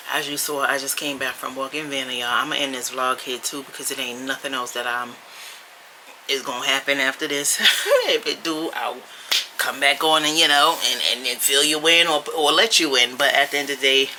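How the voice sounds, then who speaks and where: A woman's voice: extremely low pitch, normal speed, noisy background. A woman talking casually to her camera as a vlogger, chatty, blunt and sassy. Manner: chatty, blunt and sassy, with frequent laughs and mild swearing.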